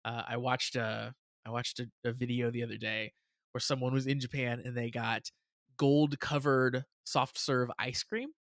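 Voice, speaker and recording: A man's voice: medium pitch, normal speed, no echo. Guy co-hosting a reaction podcast, easygoing chatter, dry close mic. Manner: chatty, laughs often, animated retelling. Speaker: podcast co-host. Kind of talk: casual reaction chat.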